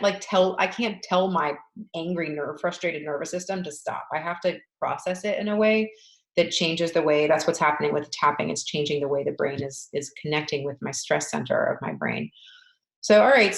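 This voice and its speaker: A woman, an EFT tapping coach, candidly talking through her own frustration in repeated tapping phrases. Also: sits low. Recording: echoey room.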